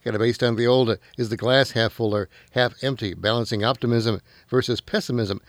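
A man's voice: medium pitch, fairly even intonation, a little fast, dry recording. A man hosting a radio show, asking long, rambling questions with restarts. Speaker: radio host. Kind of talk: radio interview.

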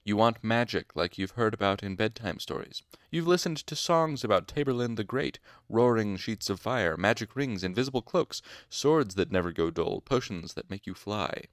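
Guy reading as a stern sarcastic lecturer, low voice, dry sound, chewing out latecomers. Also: lively intonation, moderate pace, hardly any pauses, no echo. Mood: scornful. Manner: sarcastic, scolding, mock courteous. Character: stern, cutting male university master.

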